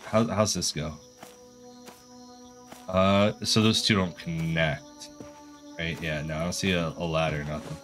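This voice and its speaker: A man commentating his own horror game play, jumpy and animated, talking to himself and repeating words. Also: low-pitched, moderate pace, soft background music. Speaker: gaming streamer.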